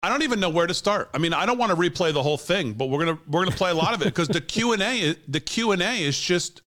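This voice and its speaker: A man's voice: high voice, expressive, fast talker, fairly bright tone. A man hosting a talk show, giving heated, scornful political commentary and laughing often.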